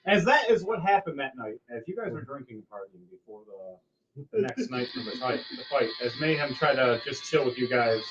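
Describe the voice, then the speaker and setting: A man narrating a tabletop role-play game as game master, playful and quick to laugh. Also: mid-range voice, lively intonation, fairly bright tone, dull audio, soft background music. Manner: playful, laughs often, puts on voices.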